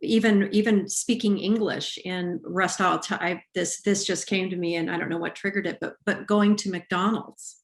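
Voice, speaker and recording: Female guest, American writer, mid pitch, animated anecdotes, roomy echo on the voice. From United States West Coast. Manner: animated storyteller with halting restarts. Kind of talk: casual conversation.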